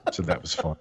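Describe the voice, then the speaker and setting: A man co-hosting a podcast in casual chat, recapping a movie with wry, sarcastic asides. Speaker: podcast co-host.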